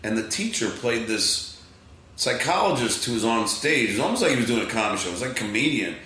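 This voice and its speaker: A middle-aged man with a Long Island accent, a podcast guest telling an animated story, excitable, acting out other voices, full of fillers and restarts. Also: mid-range voice, quick pace, heavy reverb, low-quality recording.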